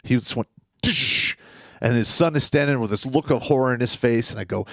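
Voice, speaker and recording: A man's voice: mid-range voice, fairly quick, a bit bright, no room sound, studio quality. A man co-hosting a live podcast, telling a story in a blunt, profane, casual way. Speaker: podcast co-host.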